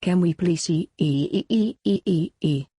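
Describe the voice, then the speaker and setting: Woman doing a shy stammery schoolgirl, bit husky, dry close sound. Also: on the low side, moderate pace, a little mellow, no echo. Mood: eager. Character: shy teenage schoolgirl, stammering when flustered.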